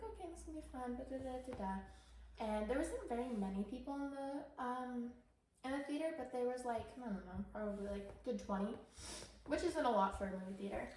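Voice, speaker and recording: Young woman rambling in a very echoey room. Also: fairly high pitch. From Canada. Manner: rambling, many fillers, animated retelling. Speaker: podcast co-host. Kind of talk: casual storytelling chat.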